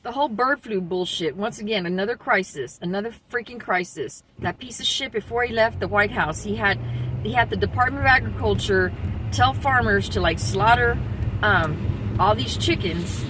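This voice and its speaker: A woman's voice: on the high side, moderate pace. A woman in Texas ranting in a rambling, heated, profane way in casual talk. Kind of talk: casual political rant. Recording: steady background noise.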